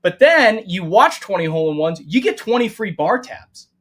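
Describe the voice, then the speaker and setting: A man's voice: sits high, moderate pace. A man co-hosting a golf podcast, telling stories in casual chat and swearing freely. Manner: animated storyteller, swears freely. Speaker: podcast co-host.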